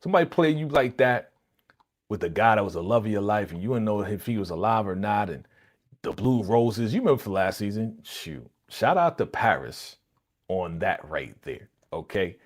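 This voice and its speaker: A man hosting a casual livestream reaction, retelling an episode in slangy, animated storytelling. His pitch rises and falls widely as he quotes the characters. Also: moderate pace. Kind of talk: casual live reaction chat.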